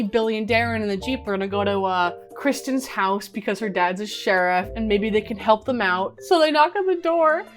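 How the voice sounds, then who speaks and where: A young woman giving a comedic movie recap, animated and laughing often, swearing as she acts out the characters. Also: fairly high pitch. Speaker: commentary host.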